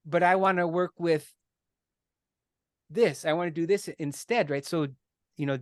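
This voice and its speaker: A man's voice: a little high, measured pace, dry recording, clean studio sound. A middle-aged man giving an earnest, conversational explanation as a podcast guest, often checking in with "right?" and restarting his words.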